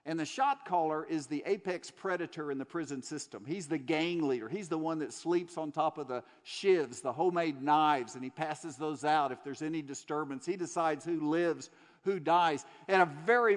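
A man preaching in a fairly high voice, telling a story with earnest emphasis and building on repeated phrases. His words ring out with a long reverb in a large church hall. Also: moderate pace. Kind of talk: sermon.

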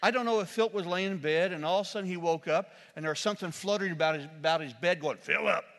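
A man with a high, bright, ringing voice delivers a sermon from the pulpit of a church. He tells stories with humor and breaks into loud, shouted quotations. The sound carries a long hall reverb. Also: rapid-fire. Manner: storytelling with shouted acted quotes and humor. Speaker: pastor.

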